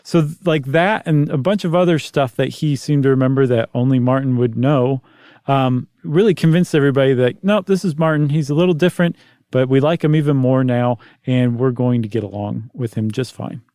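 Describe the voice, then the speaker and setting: A man's voice: medium pitch, fairly quick, dark tone, no room sound, clean studio sound. A man co-hosting a podcast, explaining and recapping a historical story in casual chat. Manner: explanatory, recaps facts with asides. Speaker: podcast co-host.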